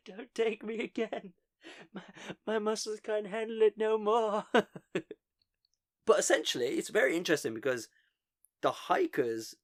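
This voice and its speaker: A man hosting a podcast, telling a story in a casual, joking way and often laughing at his own asides. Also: medium pitch. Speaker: podcast host.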